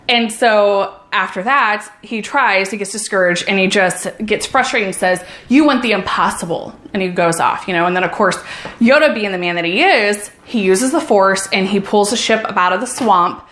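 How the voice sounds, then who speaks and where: An upbeat woman vlogger talks to her viewers in a cheerful, encouraging way, at a medium pitch for a woman. Her voice rings out in a roomy space. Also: fairly bright tone. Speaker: vlogger, runner and mom. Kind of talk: casual motivational vlog.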